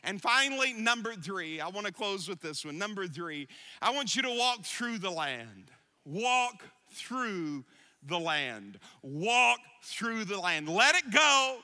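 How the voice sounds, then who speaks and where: A man's voice: high-pitched, expressive, measured pace, bright, forceful tone. A middle-aged male pastor preaching a sermon, telling a personal story and then building to emphatic exhortation.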